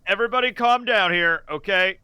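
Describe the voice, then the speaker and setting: A man playing a tabletop game, throwing in quick, joking reactions. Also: sits high, sharp tone, clean tone, no echo. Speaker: player.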